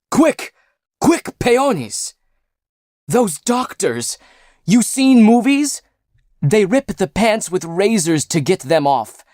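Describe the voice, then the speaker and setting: A woman voicing a panicky, dramatic injured young man who shouts and wails orders at his friends in an audiobook. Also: mid-range voice, no room sound, studio quality, pitched above the performer's own voice, exaggerated voice. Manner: frantic shouting and wailing.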